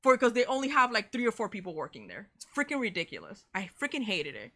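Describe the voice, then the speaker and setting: A young woman, co-hosting a casual chat and telling a story in an animated way, swearing freely and saying "bro" a lot. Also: medium pitch, fast talker. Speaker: co-host of a reaction channel.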